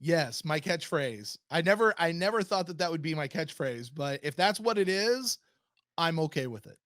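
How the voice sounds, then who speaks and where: A man's voice: on the high side, moderate pace, no room sound, studio quality. A man hosting a sports fan podcast in casual chat, telling stories and acting out the voices in them. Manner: animated storyteller, acts out voices in anecdotes. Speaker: podcast host.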